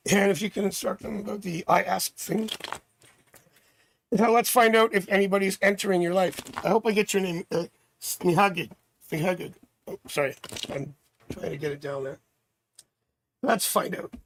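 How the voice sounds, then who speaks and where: A man from Canada hosting a live tarot stream, chatting with viewers and thinking out loud as he reads cards. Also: high voice, moderate pace, creaky, pauses often, a little hiss or hum. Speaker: tarot reader and livestream host.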